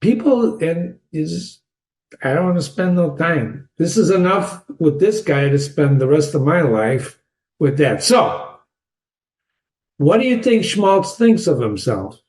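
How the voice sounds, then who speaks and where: A man hosting a literature channel, casually analyzing a short story with digressive anecdotes, wry asides and quick laughs. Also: on the high side, animated, a little mellow. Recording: echoey room.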